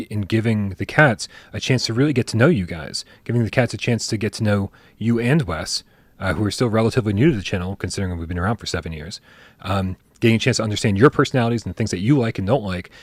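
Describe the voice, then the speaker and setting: A man's voice: on the low side, husky, dry recording. Chatty American man hosting a live stream. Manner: chatty, reads viewer tips aloud, jokey. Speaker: podcast host. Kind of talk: casual live-stream chat.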